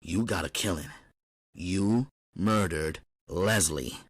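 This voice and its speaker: A man's voice: low-pitched, slow pace, breathy edge, no room sound, clean studio sound, heavily acted. A man voicing a streetwise middle-aged woman who runs a brothel, drawling endearments like honey and baby. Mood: confronting. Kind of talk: audiobook character voice.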